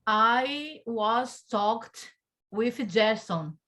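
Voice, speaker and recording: A woman's voice: fairly high pitch, lively intonation, drawn-out words, bright, forceful tone. A woman with a Brazilian Portuguese accent, a language student building a sentence hesitantly and correcting herself. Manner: hesitant, self-correcting learner.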